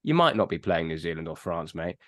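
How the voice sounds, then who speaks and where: A man co-hosting a casual sports podcast, blunt and quick to swear as he rants. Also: low voice, very animated, fairly bright tone. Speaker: podcast co-host.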